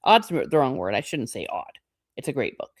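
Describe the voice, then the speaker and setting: A woman's voice: rumbling low, very animated, moderate pace, breathy edge, no echo, studio quality. A woman reading a novel aloud and breaking off for casual, chatty comments, laughing often as she reacts to the text. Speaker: book channel host.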